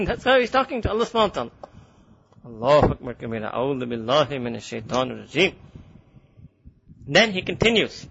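Animated, fast-talking male preacher. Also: mid-range voice, vocal fry, muffled recording, a little hiss or hum. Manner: animated, laughs often, switches between English and Urdu. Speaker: religious teacher. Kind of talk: Quran commentary lecture.

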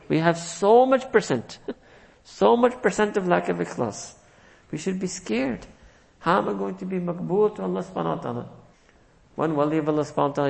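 A man delivers an earnest sermon, weaving in stories and soft chuckles. His voice is gravelly and sits a little high for a man. It rings out with a long echo, as if he is speaking in a large hall. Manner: storytelling, earnest, chuckles often, mixes in Urdu and Arabic terms. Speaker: Islamic preacher.

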